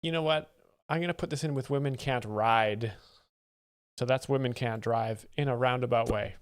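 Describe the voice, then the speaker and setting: A man hosting a livestream where he explains comedy clips, with deadpan, sarcastic asides. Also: medium pitch, moderate pace, clean tone. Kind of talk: dry livestream commentary.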